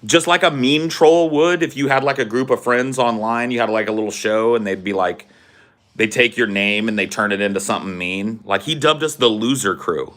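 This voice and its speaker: Rambling through a story on his podcast, a young adult man swears casually and uses plenty of fillers. He speaks at a moderate pace with a fairly low pitch and a fairly bright tone.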